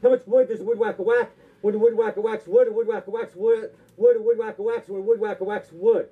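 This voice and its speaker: A man's voice: high-pitched, steady tone, breathy edge. A man doing stand-up comedy, rattling off long tongue twisters and sounding out of breath. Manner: rapid tongue-twister patter with silly punchlines. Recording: tinny phone-like sound.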